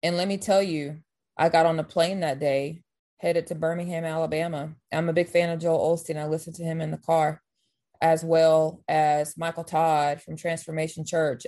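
A woman who coaches basketball tells long personal stories as an interview guest. Her voice sits a little low and sounds warm and mellow. She talks in an animated, heartfelt way, often restarting her sentences. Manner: animated, faith-filled storytelling with quick restarts. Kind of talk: storytelling in an interview.

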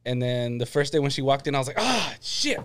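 A man's voice: medium pitch, level tone, quick pace, slight background noise. A young man co-hosting a podcast, recalling school days in a rambling way full of "like". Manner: rambling, heavy use of "like". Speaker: podcast co-host. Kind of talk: casual chat.

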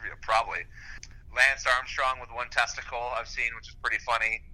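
A man's voice: mid-range voice, flat delivery, moderate pace, pushed and bright. A man chatting casually over a phone call while pacing around, rambling and laughing easily. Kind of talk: casual chat.

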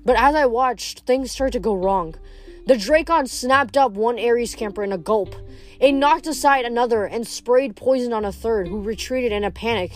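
A woman reading a novel aloud in a plain, steady way, stumbling now and then and correcting herself. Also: a little high. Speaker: audiobook reader.

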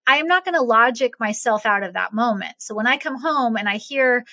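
A woman speaking as a podcast guest, explaining in an emphatic, animated and blunt way. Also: fairly high pitch, a little fast, dry recording. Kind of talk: conversational explaining.

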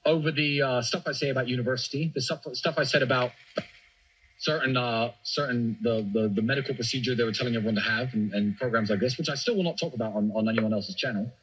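A man's voice: medium pitch, fast, a bit bright, slightly rough, dull audio. A man speaking emphatically as a podcast guest, often repeating words as he restarts. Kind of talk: animated conversational monologue.

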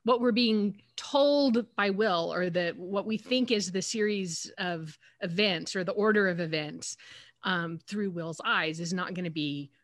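A woman's voice: lowish voice, measured pace, no echo. Female podcast co-host, reflective and discursive, dry recording. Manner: thoughtful, long winding sentences. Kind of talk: casual chat.

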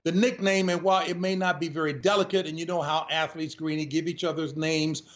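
A man with a somewhat higher voice tells stories with lively energy as a guest on a sports radio interview. He keeps turning to the host as he talks. The sound is a little dull and lo-fi. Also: fairly quick. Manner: lively storyteller who keeps addressing the host.

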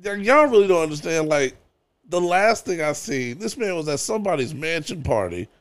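A man's voice: on the high side, big pitch swings, moderate pace. A man co-hosting a podcast casually, joking with exaggerated sarcasm and frequent laughter.

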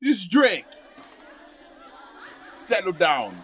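A man's voice: high-pitched, very animated, drawn-out words, a bit bright, some chatter behind, heavily acted. A man voicing Chubbs, a swaggering bodyguard sidekick who talks in street slang and teases and bosses people around. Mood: boastful. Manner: slangy, teasing, bossy.

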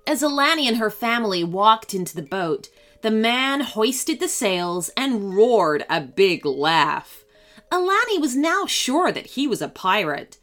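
Expressive woman reading a children's story. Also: a little high, a little slow, faint music behind. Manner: expressive, animated.

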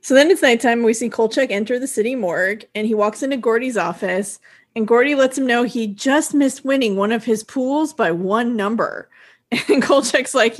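A woman's voice: fairly high pitch, moderate pace. A woman co-hosting a podcast, casually retelling a TV episode scene by scene and laughing now and then. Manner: retells scenes with acted-out quotes, laughs often. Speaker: podcast co-host. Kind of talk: casual episode recap chat.

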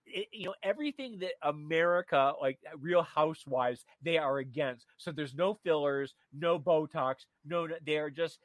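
A man co-hosting a radio show, telling a story in a gossipy, animated way with many fillers and restarts. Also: fairly high pitch, normal speed, few pauses, no room sound. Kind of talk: casual radio chat. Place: radio studio.

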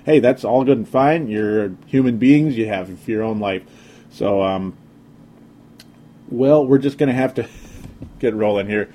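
Minnesota guy rambling on his sports podcast, kinda sarcastic, mellow dark voice. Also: lowish voice, a little slow, long pauses. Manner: rambling, sarcastic, frequent fillers. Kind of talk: casual sports podcast monologue.

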